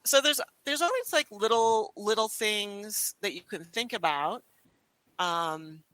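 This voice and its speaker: A young adult woman chatting as a podcast guest and telling stories in a lively way, with lots of restarts and "you know.". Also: medium pitch, slow pace, no echo, low-quality recording. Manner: animated storyteller, frequent restarts and "you know". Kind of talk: casual conversation.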